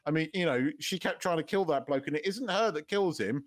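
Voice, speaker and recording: Sweary rambling man, slightly high. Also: brisk. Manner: rambling, sweary, laughs often, many restarts. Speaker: podcast co-host. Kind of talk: casual chat.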